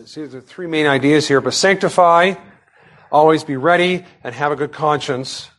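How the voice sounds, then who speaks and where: Man preaching a measured sermon. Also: a little high, a bit bright. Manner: measured preaching with prayers and scripture reading. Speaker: pastor.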